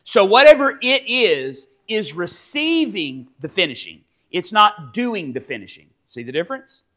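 A male pastor preaching a sermon, animated and teaching, with sudden loud emphatic rises and frequent restarts. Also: high-pitched, unhurried. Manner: many repeated restarts and fillers. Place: church sanctuary.

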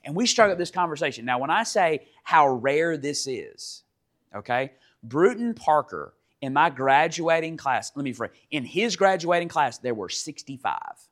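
Emphatic pastor, higher voice. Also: male voice, sing-song, moderate pace. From Middle Georgia, US. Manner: emphatic, repeats points, drops to a hush in stories. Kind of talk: sermon with storytelling.

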